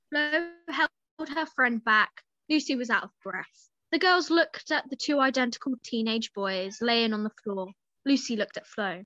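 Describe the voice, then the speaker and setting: A woman's voice: fairly high pitch, expressive, a little slow, fairly bright tone, no echo, muffled recording. A young woman co-hosting a podcast, reading a story aloud casually and breaking off to giggle and joke.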